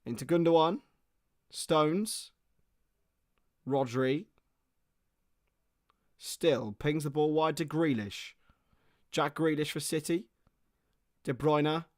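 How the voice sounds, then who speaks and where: A young man giving excitable live football play-by-play on a stream, his voice starting to go hoarse, greeting viewers between plays. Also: on the high side, slow, pauses often, no echo, clean studio sound. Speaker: football watchalong host.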